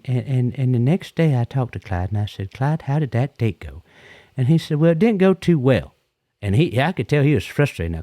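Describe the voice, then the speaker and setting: A man's voice: medium pitch, warm tone, no echo. Folksy guy rambling on a call-in, keeps repeating himself, mid voice, dry sound. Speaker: caller. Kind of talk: rambling comedic anecdote.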